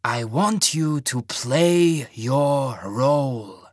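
Old rotund mage lord, genial but sinister, unhurried delivery, played by a man narrator. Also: mid-range voice, expressive, no echo, studio quality. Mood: genially menacing. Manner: slow, measured, softly menacing.

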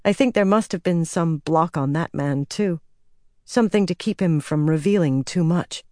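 A woman voicing a proud, sharp-tongued young healer who speaks briskly, with her pitch raised. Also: no echo, studio quality, close to an everyday voice. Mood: grim.

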